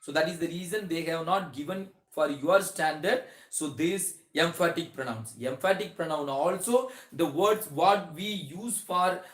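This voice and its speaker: A man's voice: fairly high pitch, a bit bright. Man teaching grammar, echoey room. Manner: explains slowly with many "so" openers and restarts, stretches example words. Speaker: English teacher. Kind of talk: classroom grammar lesson.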